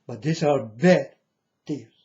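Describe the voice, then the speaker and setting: Man, slow halting delivery, mellow dark tone, solemn, repeats himself, muffled low-fi recording. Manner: solemn, halting, repeats phrases, sometimes loud. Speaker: self-styled prophet. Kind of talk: religious monologue to viewers.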